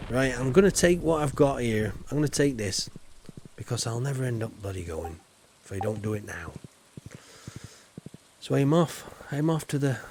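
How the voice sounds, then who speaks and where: A man's voice: medium pitch, a little mellow, slight background noise. A man rambling casually with lots of fillers while he streams a game. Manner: rambling, chatty, with many fillers. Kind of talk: casual live-stream chatter.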